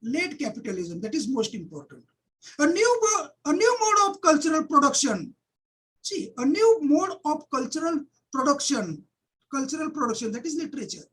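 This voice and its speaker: A woman's voice: high voice, sing-song, normal speed, fairly bright tone, poor audio. A middle-aged woman giving an academic webinar lecture, often repeating key phrases and starting sentences with "see".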